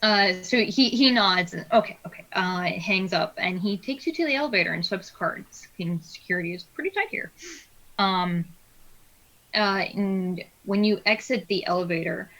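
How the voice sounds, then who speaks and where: A woman narrating as game master of a tabletop game, pausing often with fillers as she describes places. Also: medium pitch, pushed and bright, low-quality recording. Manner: hesitant, many filler pauses.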